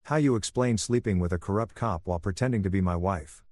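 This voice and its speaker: A man's voice: deep voice, fast talker, dry recording, clean studio sound. A man reading as a cold vengeful husband. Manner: calm, controlled, menacing.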